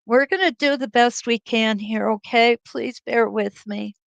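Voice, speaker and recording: A woman's voice: a little high, a little slow, gravelly, no echo, low-quality recording. A middle-aged woman hosting a live quilting stream, chatting and laughing as she greets viewers by name over a webcam mic. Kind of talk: casual livestream chat greeting viewers. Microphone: computer webcam mic.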